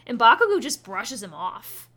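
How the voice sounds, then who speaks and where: A woman co-hosting a casual anime recap chat, chatty and quick to laugh. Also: a little high, sing-song, pushed and bright. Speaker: podcast co-host.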